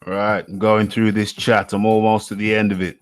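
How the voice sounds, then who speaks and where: A man's voice: lowish voice, level tone, brisk, soft background music. A man from the UK hosting a live show, reading out the chat in a playful, repetitive way and chuckling often. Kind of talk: casual live-stream chat.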